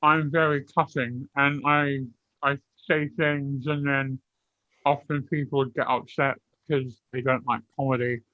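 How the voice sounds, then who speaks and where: A man's voice: mid-range voice, flat delivery, unhurried, dry recording. Joking guy on a dull video call. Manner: self-deprecating, joking. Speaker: stand-up comedian on a panel show. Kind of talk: casual comic chat.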